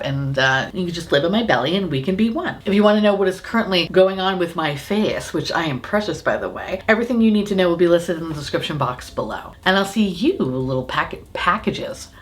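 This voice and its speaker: A young adult woman reviewing makeup in a casual vlog, gushing and swearing a lot, with self-mocking giggles. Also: fairly low pitch. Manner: gushing and heavily profane. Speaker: beauty YouTuber.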